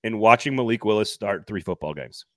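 A man's voice: on the low side, lively intonation, fairly quick, no echo, clean studio sound. A man hosting a casual sports podcast, thinking aloud and hedging his points. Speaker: podcast host.

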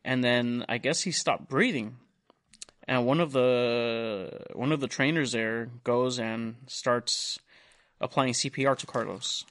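A young podcast host with a mid-range voice takes it slowly as he tells a long, profane story in casual chat. He animates it by voicing the lines of the other people involved.

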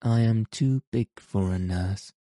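A man's voice: lowish voice, slow pace, dark tone, dry recording, studio quality. A man voicing a timid, lonely little girl in an audiobook, with hesitant, stammering pleas. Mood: timid pleading. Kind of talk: audiobook character reading.

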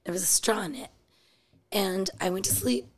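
A woman chatting casually on a podcast, rambling and looping through fillers. Her pitch sits in an ordinary middle range. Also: moderate pace. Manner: rambling, heavy use of "like". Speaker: podcast co-host. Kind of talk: casual chat.

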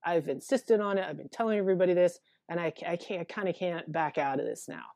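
A woman's voice: lowish voice, lively intonation, fast talker, vocal fry, dark tone, no echo, studio quality. A woman therapist talking as a guest over a video call, hesitant and thoughtful, often restarting her sentences. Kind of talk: conversational interview.

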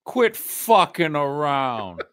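A man voicing a gruff elderly male crew coach who barks impatient orders. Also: fairly high pitch, very animated, extremely slow, a bit bright, heavily acted. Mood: scolding.

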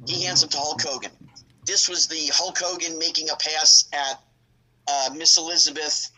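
A middle-aged man telling stories as a podcast guest, animated and acting out other people's lines in his own telling. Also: on the high side, moderate pace, crowd noise, rough recording. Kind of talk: casual storytelling.

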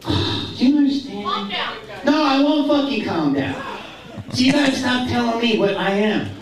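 A man ranting profanely as a stand-up comedian on stage, shouting at the crowd. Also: very high-pitched, lively intonation, moderate pace. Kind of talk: angry stage rant. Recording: echoey distant live-show clip with loud noise.

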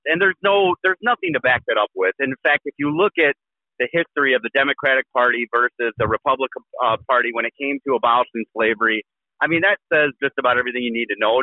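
A man joking and telling a story in a fast, animated way as a guest on a political talk show. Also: medium pitch, dry recording. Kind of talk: casual political chat. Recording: tinny phone-like call line.

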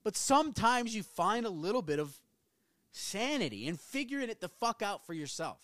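A man's voice: sits high, very animated, normal speed, a bit bright, no room sound. A man in his thirties hosting a solo podcast from his small home studio, rambling and swearing casually with self-mocking jokes. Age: 30s. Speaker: podcast host.

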